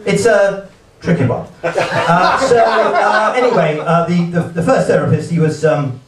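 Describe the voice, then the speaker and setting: A man doing a stand-up set at a live gig, talking in a hesitant, halting way with many fillers and restarts. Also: sits high, a loud crowd. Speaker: stand-up comedian. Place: comedy venue, heard from the hall with a laughing audience. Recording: echoey hall, distant mic, audience laughter.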